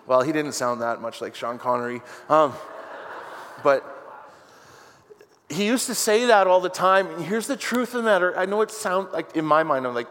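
A man preaching with a high, bright-pitched voice and an animated, jokey manner that builds to shouted declarations. His sermon rings out in a church hall with a long, trailing reverb. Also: normal speed, long pauses. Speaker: pastor.

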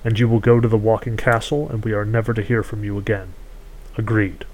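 A man's voice: on the low side, fairly even intonation, brisk, darkish tone, slight background noise, close to an everyday voice, low-quality recording. A man voicing a scheming, ageless sorceress woman who trades in stolen youth, talking in a cool, bargaining, condescending way.

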